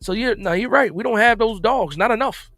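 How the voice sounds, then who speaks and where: His voice sits high, a bit bright and a little fast, recorded dry with faint music behind. The man hosts a relaxed football recap livestream, going through viewer comments and responding emphatically, repeating phrases for emphasis.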